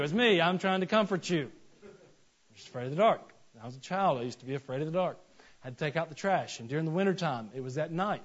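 A man, preaching a sermon and telling stories with animated acted-out voices. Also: a little high. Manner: animated storytelling, acts out voices in anecdotes. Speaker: pastor. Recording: dull lo-fi sermon recording.

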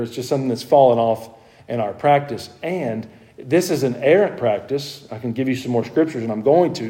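Teaching a Bible study, this man keeps things conversational, engaging the group and growing increasingly emphatic while unpacking the passage. His voice is mid-range and warm.

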